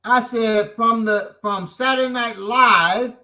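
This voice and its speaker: Animated Chicago man, bright voice. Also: slow. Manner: animated storyteller, lively swings in pitch and loudness. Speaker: podcast host. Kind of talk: casual chat.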